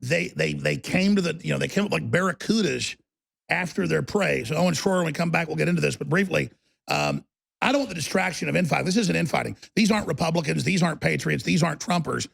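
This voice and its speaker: Man, talk show host, ranting, very gravelly, raspy, slightly high. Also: expressive, quick pace. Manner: combative, ranting, mocking. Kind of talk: heated radio talk monologue.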